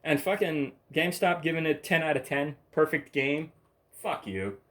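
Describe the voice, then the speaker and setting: A man's voice: a little high, steady tone, normal speed, a bit bright. Profane rambling man ranting solo. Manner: laughs between points. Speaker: channel host.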